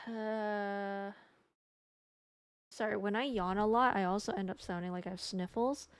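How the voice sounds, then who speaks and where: A woman's voice: medium pitch, steady tone, unhurried, clear, resonant tone, dry recording. A young adult woman chatting casually with her live-stream audience, rambling and joking at her own expense. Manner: chatty, rambling, self-mocking.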